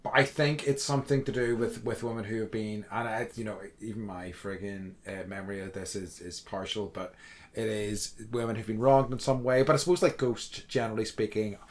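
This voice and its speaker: A man's voice: fairly low pitch, fairly even intonation, a little fast. A man co-hosting a podcast, chatting casually and rambling with lots of fillers and restarts. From outside the USA. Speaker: podcast co-host. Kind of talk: casual chat.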